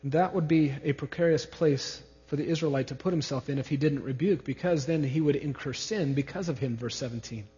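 A man's voice: a little high, fairly quick, hardly any pauses, dark tone. A male pastor preaching an expository sermon, who stresses his main points by repeating key words. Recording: reverberant hall, dull lo-fi sound.

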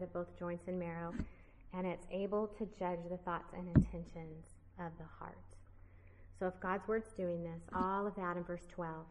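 Woman, Bible study teacher, earnest, emphatic, repeats phrases, casual asides to the group, middle pitch. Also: big-room sound, a little hiss or hum, rough recording. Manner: casual asides to the group with self-deprecating humor.

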